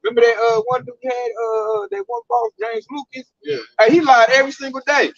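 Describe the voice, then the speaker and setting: A man's voice: very high voice, sing-song, brisk, creaky, muffled recording. A man talking casually about religion in a preachy, emphatic way, full of slang.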